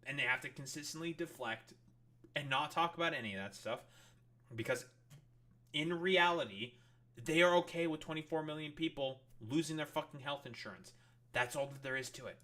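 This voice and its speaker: A man's voice: fairly high pitch, normal speed, bright, forceful tone. A man streaming, reacting to political news clips with angry, profane commentary.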